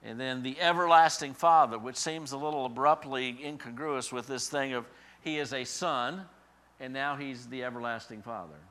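A man preaching a sermon in a church, building to emphatic repeated phrases and then dropping to a soft close. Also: mid-range voice, normal speed. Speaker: pastor.

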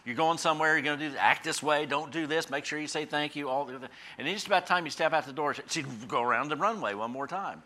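A man preaching in a relaxed, folksy way, full of little asides and everyday stories. His voice sits a bit high and has a bright, forceful edge. He keeps it conversational rather than formal. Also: fast talker, hardly any pauses. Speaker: pastor. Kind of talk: sermon.

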